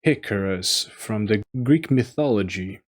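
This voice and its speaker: A man giving a casual solo review, rambling and halting with many fillers and restarts. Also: on the low side, lively intonation. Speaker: video game reviewer.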